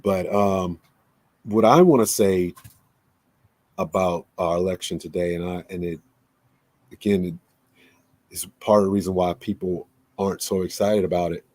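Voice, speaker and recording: Low, dark-voiced man rambling. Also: steady tone, normal speed, long pauses, no echo. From United States. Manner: rambling, self-correcting, conversational. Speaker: podcast host. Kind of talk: casual monologue.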